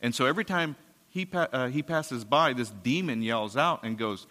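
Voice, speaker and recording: A man preaching in a church hall, his voice carrying a long reverb around him. He retells a scripture story casually, paraphrasing as he goes, at an ordinary middle pitch. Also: animated, moderate pace, pushed and bright. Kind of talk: sermon.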